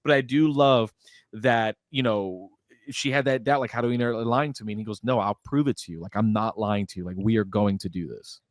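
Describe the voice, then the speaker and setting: A man's voice: lowish voice, brisk, no room sound, studio quality. A man co-hosting a podcast, talking enthusiastically about a film and quoting its characters. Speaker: podcast co-host. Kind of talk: casual movie breakdown chat.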